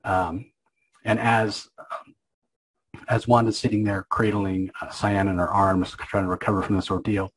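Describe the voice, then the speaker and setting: A man's voice: fairly low pitch, level tone, a little slow, a little hiss or hum, low-quality recording. A man casually recapping a comic book issue, rambling and opinionated, with lots of filler words.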